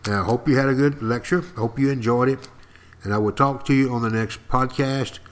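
A man telling history in a folksy, dramatic way, as if spinning a tale to friends. He keeps checking in with his listeners and asking if they follow. His voice sits in an ordinary middle pitch for a man. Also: steady tone, a little fast. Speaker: podcast history lecturer. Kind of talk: storytelling lecture.

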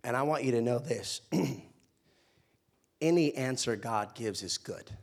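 This young male pastor gives a sermon in an easy, conversational style, his mid-range voice slow and creaky. He tells playful stories that swell loud and excited, then sinks into a soft hush.

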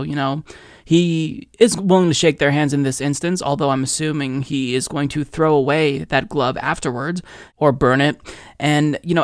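A man's voice: fairly high pitch, dry recording, clean studio sound. A man from Oregon hosting a political podcast, sarcastic and profane, often breaking into laughter. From Oregon, USA. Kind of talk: casual political commentary.

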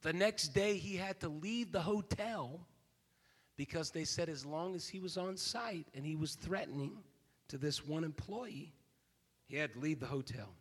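A man in his fifties preaching a sermon as a pastor, telling a story and then building to loud, emphatic preaching. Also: a little high, normal speed, husky. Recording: long reverb of a large hall.

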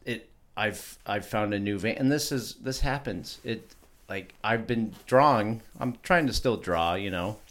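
Low-voiced rambling male podcast host. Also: unhurried, fairly bright tone. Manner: rambling, self-interrupting, with many restarts. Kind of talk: casual chat.

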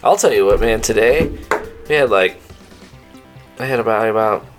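A man's voice: lowish voice, moderate pace, music in the background. A man telling a workday story in casual, profane podcast chat. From Midwestern US. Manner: swearing, storytelling, laughing often.

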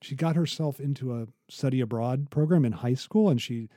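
A man co-hosts an academic podcast in a relaxed, conversational way. His voice is very dark and mellow, recorded dry and close. He talks in halting bursts with frequent restarts as he tells a story. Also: medium pitch, dry recording. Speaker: podcast co-host.

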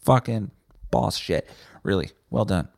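A man's voice: lowish voice, a little slow, vocal fry, a little mellow, no echo, clean studio sound. A man hosting a solo podcast, ranting bluntly and sarcastically with plenty of swearing. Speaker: podcast host.

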